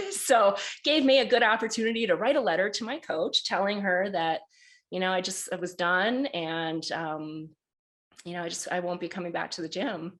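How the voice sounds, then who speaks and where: A woman in her forties from Wisconsin, telling a personal story on a podcast in a candid way, laughing often and getting teary. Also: medium pitch. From Wisconsin, USA. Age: 40s. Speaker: podcast co-host, guest here.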